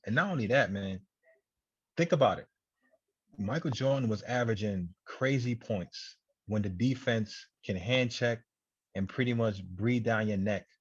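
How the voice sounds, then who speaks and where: A man co-hosting a podcast, talking basketball casually and backing the others up with quick agreements. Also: breathy edge. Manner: agreeable, backs others up with short affirmations. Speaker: podcast co-host. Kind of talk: casual sports debate. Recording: dull low-fi home podcast audio.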